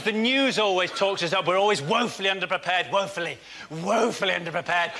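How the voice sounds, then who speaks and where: A man doing an animated, mocking stand-up routine on a panel show. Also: high-pitched, a little fast. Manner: animated, mocking, acts out voices. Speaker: comedian. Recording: loud studio audience, noisy.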